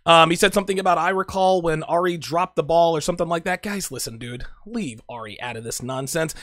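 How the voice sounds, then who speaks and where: A man's voice: a little high, brisk, a bit bright, no room sound, studio quality. A man giving blunt, profane casual commentary on a TV show, talking straight to his viewers.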